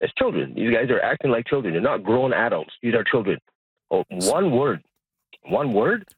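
A man's voice: big pitch swings, normal speed, slightly rough, dry recording. A man from Montreal calling in to a radio show, ranting angrily and repeating himself in disbelief. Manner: exasperated, repeats himself, rising pitch in disbelief. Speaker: caller. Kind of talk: angry call-in rant. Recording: tinny phone line.

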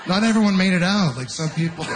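A man with a fairly high voice works a stand-up set, spinning stories with incredulous, exasperated asides. The live recording carries clear room noise and audience laughter behind him. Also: expressive, fast. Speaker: stand-up comedian.

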